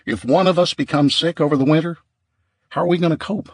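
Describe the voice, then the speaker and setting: A man's voice: fairly high pitch, a little fast, darkish tone, no echo, clean studio sound, voice pushed up. A man voicing a weary, argumentative male survivor who presses his point in an audiobook. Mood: pressing.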